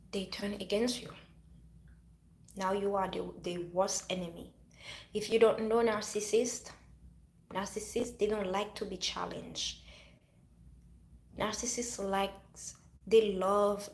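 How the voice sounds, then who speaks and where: A woman's voice: mid-range voice, roomy sound, slight background noise. A woman from Haiti talking to camera about her past relationship, emphatic and preachy, often repeating herself. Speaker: vlogger. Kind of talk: personal talk to camera.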